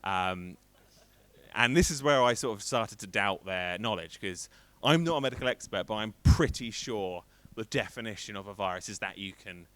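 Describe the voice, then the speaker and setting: A man's voice: fairly low pitch, moderate pace, fairly bright tone, dry recording. A man in his thirties doing a rambling, self-deprecating stand-up set on a stream. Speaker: stand-up comedian.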